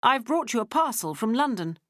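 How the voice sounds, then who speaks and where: A woman narrator voicing an angry, harsh-tempered woman who shouts and scolds in a loud, raised voice. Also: fairly high pitch, very animated, moderate pace, dry recording, studio quality, voice pushed up. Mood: scolding. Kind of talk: audiobook character voice.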